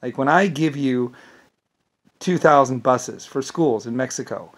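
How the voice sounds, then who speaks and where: A man's voice: medium pitch, measured pace, a bit bright. A man delivering an angry, rambling vlog monologue, swearing and repeating words as he stumbles. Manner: profane, indignant, repeats words when stumbling. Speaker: vlogger.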